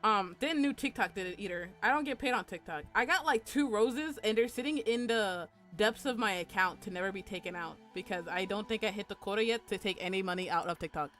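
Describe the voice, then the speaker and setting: This young adult woman's medium-pitched voice moves fairly quickly with few pauses and a slightly bright tone, soft music playing behind her. As a VTuber artist drawing on stream, she chats casually and crudely with viewers, with plenty of laughs and squeals.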